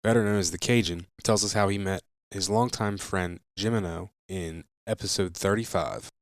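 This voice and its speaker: Male podcast host, low voice, relaxed plain reads, dry sound. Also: normal speed, no echo. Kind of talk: introducing clips.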